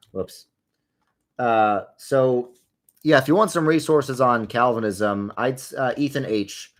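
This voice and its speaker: This lowish-voiced young man streams a game and answers questions from viewers in a loose, chatty way. He rambles freely, now and then veering into wry sarcasm.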